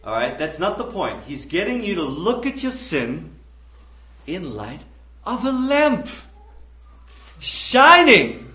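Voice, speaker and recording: A man preaching a camp sermon, swinging from hushed, pleading passages to loud, impassioned ones. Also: a little high, very animated, a little slow. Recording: echoey room, mic at a distance.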